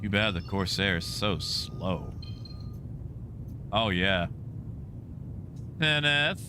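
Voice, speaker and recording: A man's voice: low voice, expressive, extremely slow, background noise. A man chatting casually with fellow players while streaming a space game, teasing and playful. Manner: teasing, playful sing-song repetition. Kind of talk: casual gameplay commentary.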